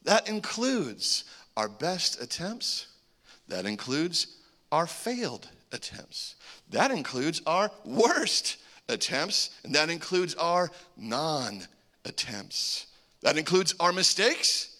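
A man preaching a sermon, animated, with joking asides and swings between loud calls and hushed remarks. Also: fairly high pitch, slow. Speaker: pastor.

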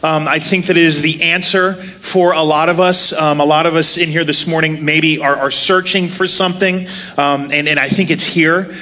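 A man in his thirties delivers a relaxed, conversational sermon, seated and full of self-deprecating jokes. His voice is bright and slightly high, and he tells stories casually. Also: normal speed. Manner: self-deprecating, joking storyteller. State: walking with a limp, sitting to preach. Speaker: preacher.

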